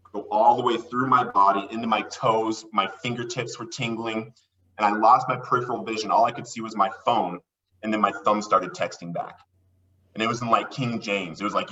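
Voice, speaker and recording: A man recounts his story with excitable energy, slipping into the voices of people he quotes. His voice is bright and forward, and he sits a little back from the mic. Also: mid-range voice, recorded from a distance, poor audio. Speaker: podcast guest. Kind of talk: animated storytelling.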